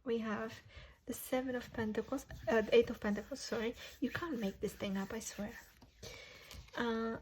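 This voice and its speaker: A woman's voice: fairly high pitch, steady tone, normal speed, noisy background. A woman giving a casual tarot reading to viewers, chatty, laughing often and correcting herself as she goes. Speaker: tarot reader.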